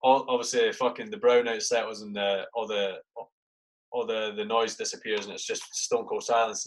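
A man's voice: fairly low pitch, little pitch movement, normal speed. Sweary man telling army stories. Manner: swears constantly, storytelling, keeps saying mate. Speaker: soldier telling war stories. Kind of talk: casual podcast chat.

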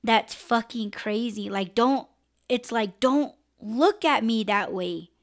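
A woman's voice: a little high, slow. A woman hosting a live-stream podcast, talking candidly and emotionally and swearing freely. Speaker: podcast host.

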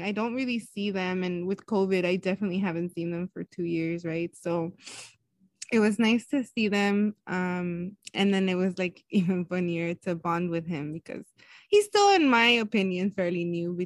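A woman's voice: fairly low pitch, no echo, clean studio sound. A woman co-hosting a podcast, telling a story in a chatty, casual way and laughing often. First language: Spanish. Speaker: podcast co-host. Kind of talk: casual chat.

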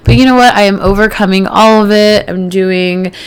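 A woman in her early twenties hosting her own podcast, chatting casually with lots of fillers and getting animated as she retells drama. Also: medium pitch, moderate pace, smooth. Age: early 20s. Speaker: podcast host. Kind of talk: casual solo podcast chat.

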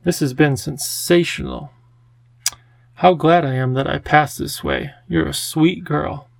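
A man voicing a charming, theatrical male cat with a genteel, drawn-out, fussy way of talking. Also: fairly high pitch, steady tone, creaky, no room sound. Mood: playful, affectionate.

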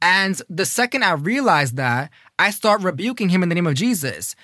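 A young man casually telling a personal story, slangy and animated, with lots of fillers. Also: sits high, normal speed, no room sound, clean studio sound.

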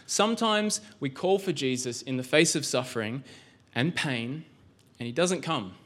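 A man's voice: medium pitch, expressive, moderate pace, a bit bright. A male pastor giving a sermon in a church, conversational, with rhetorical questions and frequent restarts.

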